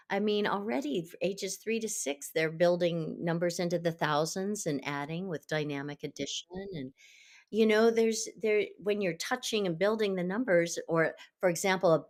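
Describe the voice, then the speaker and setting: A woman guest speaking as a Montessori educator, earnest and animated, explaining with lively asides. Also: lowish voice. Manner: earnest, animated, acts out children's voices. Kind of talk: conversational interview answers.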